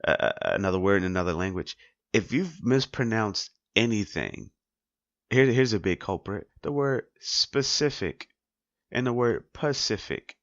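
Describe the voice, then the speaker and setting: A man's voice: lowish voice, lively intonation, normal speed, dry recording, lo-fi sound. A man hosting a solo podcast, talking casually and repeating his points with rhetorical questions. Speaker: podcast host.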